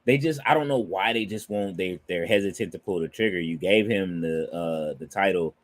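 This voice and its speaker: A man with a low voice co-hosting a casual wrestling talk, laid-back and hesitant, filling his speech with lots of fillers. The sound is dry and close. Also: moderate pace, dry recording. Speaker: podcast co-host.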